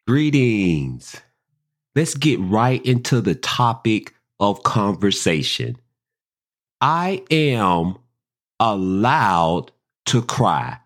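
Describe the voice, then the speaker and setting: A podcast host reads affirmations at a very slow, deliberate pace and keeps returning to the same key phrases. The voice rises and falls a great deal, with a middle pitch. It sounds calm and measured. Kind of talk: reading spoken affirmations.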